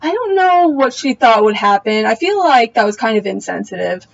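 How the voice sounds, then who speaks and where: A woman's voice: a little high, very animated, moderate pace, gravelly, lo-fi sound. Chatty young woman recapping a show. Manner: chatty, opinionated, slangy, trails off with asides. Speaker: TV recap vlogger. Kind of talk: casual episode recap.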